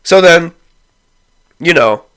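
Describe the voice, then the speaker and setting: Young guy ranting a storytime, swears nonstop, kinda high bright voice. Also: slow, clean tone. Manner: rambling, swears constantly, excitable retelling. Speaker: vlogger telling a story. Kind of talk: profane casual storytime.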